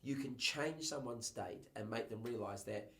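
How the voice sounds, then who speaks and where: Gravelly New Zealand man telling stories. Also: medium pitch, normal speed, echoey room. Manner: lively storyteller who acts out quotes in voices. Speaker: guest, TV presenter and communication coach. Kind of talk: casual podcast conversation.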